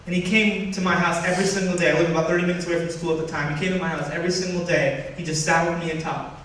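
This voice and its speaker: A young man tells a personal story with animated delivery, slipping into the voices of the people he quotes. His voice sits fairly high. It is heard from a distance in a very reverberant hall with faint noise behind. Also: very fast. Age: young adult. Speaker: student speaker. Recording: echoey hall from far off.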